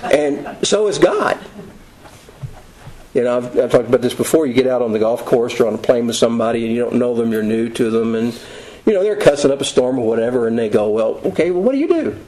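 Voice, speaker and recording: A man preaching a sermon in a conversational, folksy way, telling stories with quick asides. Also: medium pitch, mellow, rough recording.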